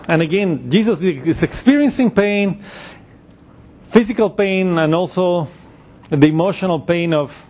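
A man's voice: fairly high pitch, moderate pace, darkish tone. A man giving a verse-by-verse Bible teaching, reasoning through the details step by step.

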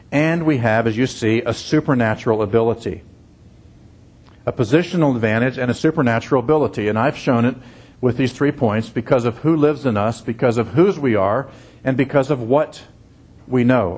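A man's voice: mid-range voice, a little mellow, breathy edge. A middle-aged man delivers an expository sermon in a mid-range voice. He is earnest and emphatic. He leans on repeated phrases to drive each point home. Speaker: pastor.

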